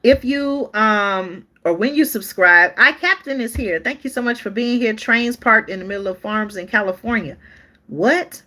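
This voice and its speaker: A woman's voice: on the high side, moderate pace, hardly any pauses, bright, forceful tone. A woman hosting a live-stream news show, reading articles aloud in a chatty way and talking straight to her viewers, often stopping to restart or look things up.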